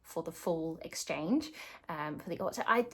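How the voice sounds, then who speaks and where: A woman's voice: sits low, lively intonation, moderate pace, slightly rough. A British woman chatting casually in a crafting vlog, rambling and laughing at herself. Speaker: cross-stitch vlogger. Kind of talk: casual chat.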